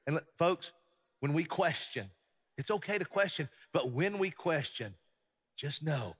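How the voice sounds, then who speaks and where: A pastor giving a sermon, swinging between loud emphatic passages and hushed ones. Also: male voice, fairly high pitch, expressive, a little slow, husky. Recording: long hall reverb.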